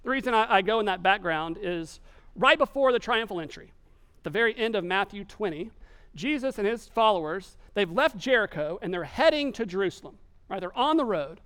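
A man preaching a sermon, telling the story with animated delivery and acted-out quotes. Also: high voice, fairly quick, smooth. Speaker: pastor.

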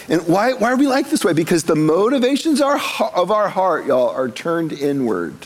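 A man's voice: a little high, wildly swooping pitch, normal speed. A man, preaching a sermon to a congregation in a church, in a conversational style with humorous asides. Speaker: pastor.

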